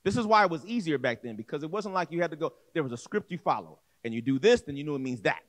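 A male pastor preaching with a high, lively voice that swoops up and down. He talks straight to the congregation in a casual, conversational way. He acts out the people in his story and often repeats himself or restarts a phrase. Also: fast. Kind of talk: sermon.

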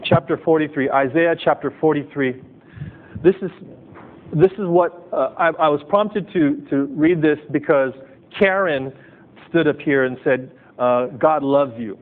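A male pastor preaching a sermon in short, emphatic phrases, then leading the congregation in fervent prayer. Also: unhurried. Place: chapel service. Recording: tinny lo-fi recording with low rumble.

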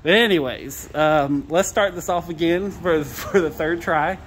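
A man's voice: on the high side, measured pace, a bit bright, slight background noise. A man vlogging outdoors by a trailer, laughing to tears and apologizing as he rambles about used gear he plans to sell. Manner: giggly, apologetic, keeps laughing. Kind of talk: casual rambling vlog.

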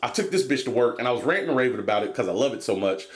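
A man's voice: mid-range voice, expressive, rapid-fire. A man reviewing a vape box in a rambling, swearing, laid-back vlog. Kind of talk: casual product review vlog.

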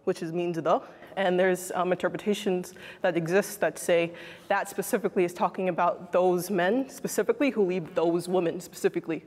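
A woman in a debate, making her argument hesitantly with many fillers. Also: on the low side. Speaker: debate participant. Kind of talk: debate statement. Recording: reverberant room.

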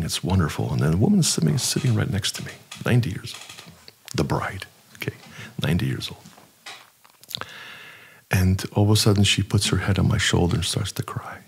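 Older male cleric, deep and gravelly, animated storyteller. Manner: animated, acts out dialogue, repeats words for emphasis. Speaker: archpriest, interview guest. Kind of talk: anecdotal storytelling in an interview.

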